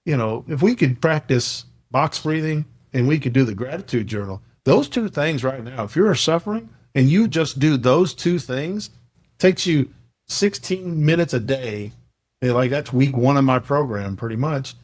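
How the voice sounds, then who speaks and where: A man's voice: mid-range voice, expressive, normal speed, a little mellow. A middle-aged man on a podcast, earnestly telling a family story and acting out the dialogue. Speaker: podcast host sharing a coaching program. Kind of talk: casual podcast chat, storytelling.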